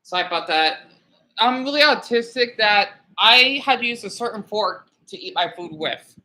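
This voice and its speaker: A young man talks loosely to his livestream chat in a very bright, sharp-edged voice. He rambles from one thought to the next, scolds commenters and hushes his dogs. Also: high-pitched, lively intonation, moderate pace. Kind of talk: casual livestream chat with viewers.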